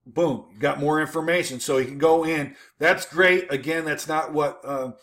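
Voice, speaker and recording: A man with a slightly higher voice walks through web pages in loose, offhand commentary. He hesitates and restarts often, then lands his points with a punchy "boom.". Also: normal speed, a bit bright. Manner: informal, many fillers and restarts, emphatic "boom". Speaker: host critiquing websites. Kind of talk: casual screen-share commentary.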